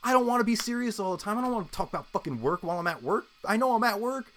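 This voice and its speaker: Young man, casual podcast chatter, lively swooping pitch, swears constantly. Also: very fast, slight background noise. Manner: profane ranting, mimics people in a high voice; laughs often. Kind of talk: casual chat.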